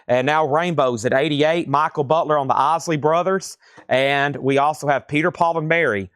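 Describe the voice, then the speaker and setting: A man's voice: a little high, fairly bright tone, clean tone, dry recording, clean studio sound. A man hosting a live online record sale, rattling off titles and prices. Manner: brisk price-calling, chatty asides. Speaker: live-stream record seller. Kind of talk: live auction patter.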